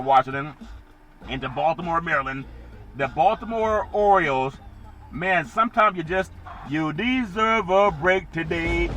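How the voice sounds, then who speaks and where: High-voiced man hosting a sports podcast. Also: pushed and bright, rough recording. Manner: rambling, jokey, sing-song asides. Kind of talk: solo sports podcast monologue.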